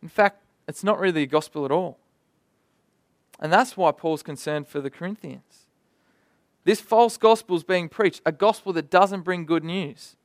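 A young man preaching a sermon in a lively, conversational way, with vivid asides and stories. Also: high-pitched, normal speed, no room sound.

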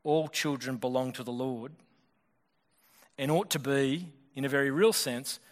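A male pastor preaching a sermon in a fast, conversational way, often restarting his sentences. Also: mid-range voice. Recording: long hall reverb.

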